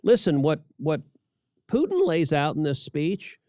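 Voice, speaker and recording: A man's voice: on the high side, wildly swooping pitch, measured pace, mellow, no echo, clean studio sound. A middle-aged man delivering political commentary as a podcast co-host, emphatic and given to repeating words as he starts sentences.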